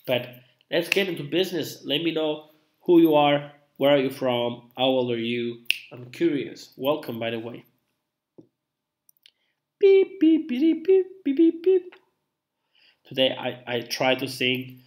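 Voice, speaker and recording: A young man chats with his live-stream viewers while he is feeling unwell. His voice sits at an everyday middle pitch. He rambles, backtracks and fills the pauses with ums and uhs. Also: steady tone. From Italy. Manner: chatty, rambling, with many fillers and restarts. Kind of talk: casual live-stream chat.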